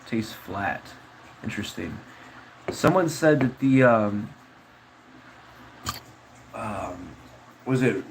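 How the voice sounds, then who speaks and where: Low-voiced guy rambling with chat, slangy, laughs a lot, faint hum behind. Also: low-quality recording. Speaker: streamer reading chat. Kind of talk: casual livestream chat.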